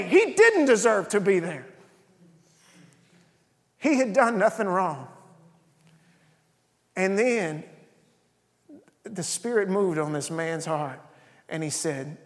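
A man preaching in a church, his fairly high voice carrying a long hall reverb. He reads scripture aloud, then explains it, building to emphatic, urgent passages. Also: slow, long pauses. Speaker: pastor. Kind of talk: sermon. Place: church sanctuary.

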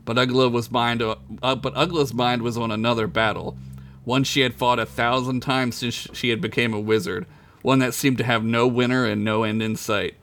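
Male podcast storyteller, casual read-aloud, mid-pitched, chuckles through his narration. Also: fairly even intonation, normal speed, fairly bright tone, slight background noise. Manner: casual, laughs into his own lines. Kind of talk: reading his own comic story aloud.

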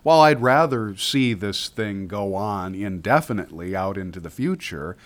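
A man's voice: lowish voice, lively intonation, normal speed. A man hosting a political talk show, speaking emphatically and repeating phrases for weight. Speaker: podcast host.

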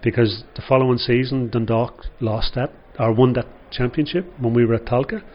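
A man's voice: mid-range voice, fairly quick. An older Irish man spins long, meandering football stories and peppers them with "you know". The recording sounds muffled, with a faint hiss underneath. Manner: rambling anecdotes with frequent "you know". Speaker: former footballer guest. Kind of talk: storytelling interview.

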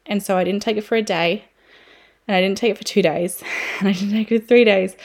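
Woman, 30s, podcast host: candid solo talk, loose and chatty, mid-pitched voice, drops swear words easily. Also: fairly even intonation, fairly quick. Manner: frank and chatty, swears freely, many fillers. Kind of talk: candid personal podcast monologue.

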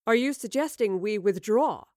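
A poised female supreme commander, read by a woman, speaking in a calm, arch, clipped tone that expects obedience. The timbre is set apart from the narrator's. The storybook recording is dry and close. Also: mid-range voice, moderate pace, no echo, lightly acted. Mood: commanding. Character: tall cool-headed female supreme commander.

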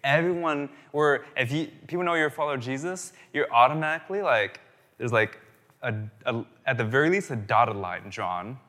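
A male pastor in his thirties preaches in a casual, animated way, full of restarts and asides. His voice is bright and forceful. A long reverb from the hall trails his words. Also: medium pitch, normal speed. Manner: animated, conversational, many restarts and fillers. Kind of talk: sermon.

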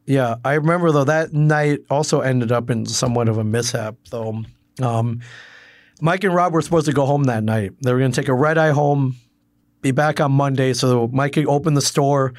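A man's voice: mid-range voice, a little mellow, no echo, clean studio sound. A man from Michigan, perhaps in his thirties, casually recalling memories in a rambling way with many restarts and quoted asides. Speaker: comic book personality sharing memories. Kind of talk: casual storytelling.

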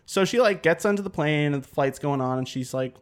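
A man's voice: a little high, a little fast, clean tone. A young man hosting a casual podcast, telling a long joke in a meandering way full of "like" and "um". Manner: meandering, full of "like" and "um", laughs at his own jokes. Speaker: podcast host.

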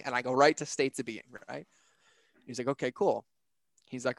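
A man shares a personal story as a podcast guest, earnest and emphatic, acting out the voices in it. His voice sits at an ordinary middle pitch. The sound is dry and close. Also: quick pace, a bit bright, dry recording.

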